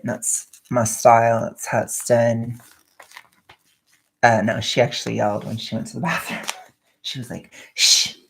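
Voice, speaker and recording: A young woman vlogging at home, chatting casually and rambling in a soft-spoken way while she wraps gifts. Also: a bass voice, vocal fry, slight background noise.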